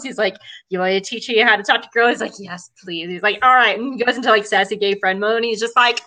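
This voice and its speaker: A woman co-hosting a casual fan chat, excitable and gushing, laughing often. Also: medium pitch, fast. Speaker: podcast co-host.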